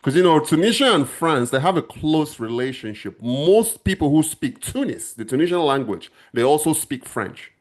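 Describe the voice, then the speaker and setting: A man's voice: fairly high pitch, sing-song, moderate pace, few pauses. A middle-aged man from Nigeria, chatting casually on a livestream and talking straight to his viewers. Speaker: channel host answering viewers.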